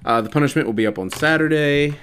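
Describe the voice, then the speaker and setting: A man's voice: fairly high pitch, fast, a bit bright, slight background noise. A man hosting a podcast in casual chat, rambling, tripping over his words and laughing often. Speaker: podcast host.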